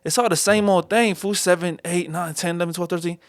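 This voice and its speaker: A man's voice: high voice, steady tone, fast, no room sound, studio quality. A young man with a Chicano English accent hosting a casual solo podcast, rambling in slang and calling everyone "fool.". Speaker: podcast host. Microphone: studio mic.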